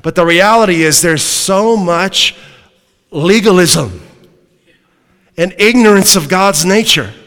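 This animated male preacher, high-pitched and a bit bright, moves slowly through an emphatic sermon with long pauses, pressing his points and asking the congregation questions. A long reverb makes him sound like he's in a church sanctuary.

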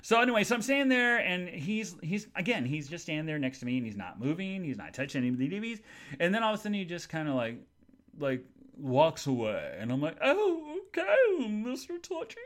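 A man's voice: a little high, sing-song, fast, a bit bright. A man hosting a casual solo podcast, telling everyday stories in a chatty way with funny asides. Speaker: podcast host.

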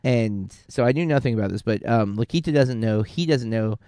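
A man's voice: medium pitch, brisk, warm tone, clean tone, no echo, clean studio sound. A man co-hosting a podcast, talking through a film in a casual, rambling way, often correcting himself and using fillers. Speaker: podcast co-host.

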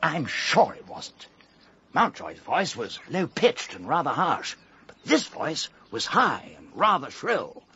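An actor playing a nervous, excitable young upper-class man in a vintage radio drama, dithering and gushing. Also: on the high side, slow pace, slight background noise, full character voice. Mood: flustered. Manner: dithering, fussy, breathless gushing. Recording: dull old radio recording.

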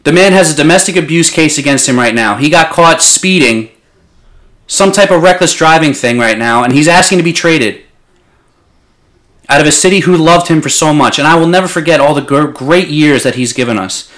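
Passionate swearing young sports fan. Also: male voice, fairly high pitch, brisk, fairly bright tone. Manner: passionate, blunt, swears freely. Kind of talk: casual sports chat.

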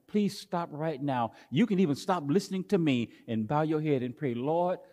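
A male pastor preaching a sermon with emphatic, repetitive phrasing that builds toward near shouting. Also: fairly high pitch, lively intonation, normal speed, in a large hall.

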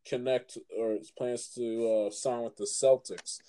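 A man's voice: mid-range voice, fairly even intonation, measured pace, dark tone. A man hosting a casual sports chat, asking his guest questions and often repeating words as he goes. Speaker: podcast host.

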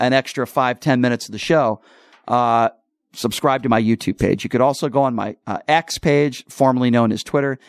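A man's voice: medium pitch, dry recording, clean studio sound. A man hosting a talk radio show, delivering an emphatic, opinionated monologue and repeating his points for emphasis.

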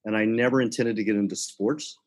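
A middle-aged man from the American South, now without a Southern accent, telling stories from his career in a relaxed conversation. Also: fairly low pitch, brisk, poor audio. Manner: storytelling, animated when quoting others. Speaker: sports executive. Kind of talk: conversational podcast interview.

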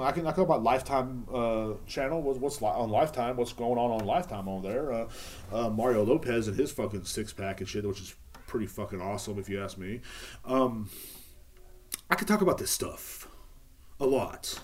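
A man's voice: medium pitch, expressive, a little fast, a little mellow. A man, hosting a podcast in a casual, profane, rambling monologue. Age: 30s. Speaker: podcast host.

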